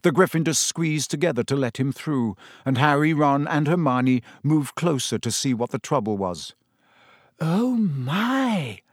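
A man narrating a storybook as an audiobook reader, with an expressive storytelling delivery. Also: medium pitch, normal speed, hardly any pauses, no room sound, studio quality. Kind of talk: scripted narration.

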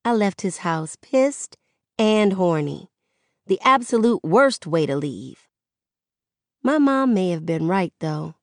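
A woman reading a first-person audiobook in a candid, conversational and expressive way, close to the mic. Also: lowish voice, slow, dry recording. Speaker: audiobook narrator.

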